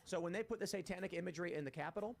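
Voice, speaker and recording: Male host, quick and lively storyteller, slightly high voice. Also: creaky. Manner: animated, rapid storytelling. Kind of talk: casual panel talk.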